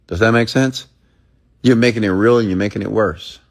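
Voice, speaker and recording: Motivational speaker, man, low-ish voice, preachy and emphatic. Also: fairly quick. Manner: preachy, emphatic, mimics listeners in high voices. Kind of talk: motivational monologue.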